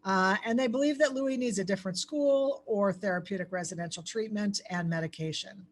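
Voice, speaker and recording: A woman teaches crisis training in a conversational lecture, stopping on frequent ums as she gathers her thoughts. She keeps turning questions back to her listeners and speaks at a medium pitch for a woman. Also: a little fast. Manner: asks the audience questions, many filler ums.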